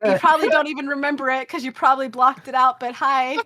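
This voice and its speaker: A woman in her thirties, a podcast guest, telling stories in casual chat, animated and swearing, laughing often. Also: high voice, fast, a crowd in the background. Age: 30s.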